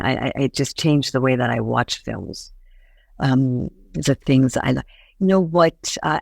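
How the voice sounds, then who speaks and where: A man speaking as a guest in a casual interview, halting, with many restarts and fillers. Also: mid-range voice, vocal fry, no echo.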